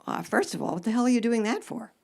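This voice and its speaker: A woman's voice: on the high side, expressive, fast talker, vocal fry, darkish tone. An older woman, a radio advice host answering audience questions at a live event, blunt and sarcastic, with casual swearing and punchy jokes. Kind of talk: live stage Q&A.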